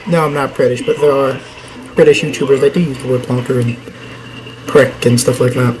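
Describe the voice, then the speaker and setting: A man's voice: medium pitch, moderate pace, long pauses, a little hiss or hum, low-quality recording. A young man chatting through a video game let's play, rambling and joking with himself and the game as he goes. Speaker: gaming channel host.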